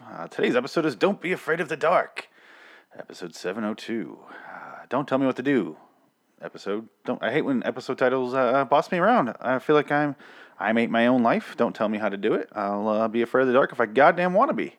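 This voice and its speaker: A man's voice: medium pitch, lively intonation, fairly quick. Rambling, profane man reviewing TV. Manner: rambling, profane, self-correcting. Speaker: host of a TV review show. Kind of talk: casual review commentary.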